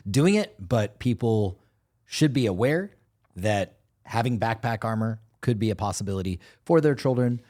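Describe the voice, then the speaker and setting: A man with a fairly low voice chats on a casual podcast. He swears freely and tells a story in a loose, animated way. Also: moderate pace. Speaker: podcast co-host.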